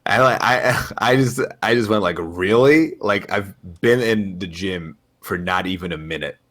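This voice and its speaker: Man, very low voice, casual podcast chat, laughs a lot, filler-heavy storytelling. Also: fairly even intonation, normal speed, fairly bright tone. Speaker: podcast co-host.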